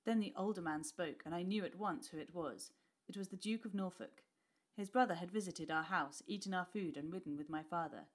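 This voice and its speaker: A woman teacher reading a class novel aloud with expressive storytelling. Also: fairly low pitch, fairly quick.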